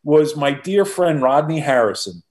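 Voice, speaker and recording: A man as a podcast guest, telling stories in a conversational way, animated and full of restarts. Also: fairly high pitch, a little slow. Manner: animated storyteller, frequent restarts. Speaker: podcast guest, former football executive. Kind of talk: conversational interview storytelling.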